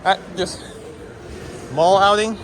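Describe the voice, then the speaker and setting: A man's voice: high-pitched, takes it slowly, a bit bright, slight background noise. A man in a casual vlog, chatting and teasing the animals as he walks around an outdoor farm with a handheld camera. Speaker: vlogger. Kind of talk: casual vlog chat while walking. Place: outdoors at a farm or petting zoo.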